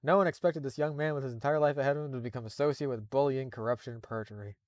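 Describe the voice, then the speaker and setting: A man's voice: medium pitch, fairly even intonation, rapid-fire, darkish tone, no echo. A man reading a horror story live, breaking off for exasperated, profane asides. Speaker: streamer reading creepypasta.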